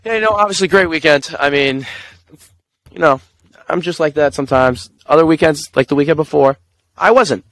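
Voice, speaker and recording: A young man co-hosting a sports chat show, arguing back and forth in quick banter. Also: a little high, a bit bright, no room sound. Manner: fast, argumentative banter. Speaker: co-host.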